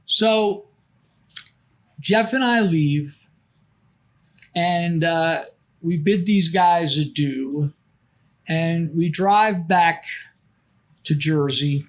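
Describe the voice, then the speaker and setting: Podcast guest, sixties, man with a high voice; rambling storyteller who restarts sentences and acts out quotes. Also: drawn-out words, pauses often. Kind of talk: casual storytelling.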